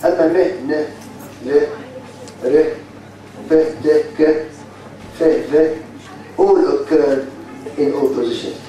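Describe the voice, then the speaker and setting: A man's voice: a little high, takes it slowly, long pauses, mellow. A man with an Egyptian Arabic accent giving a university phonetics lecture, repeating points and drilling the class in a blunt manner. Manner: repetitive, drilling students, blunt. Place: large lecture hall. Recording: very echoey hall, distant mic, faint hiss.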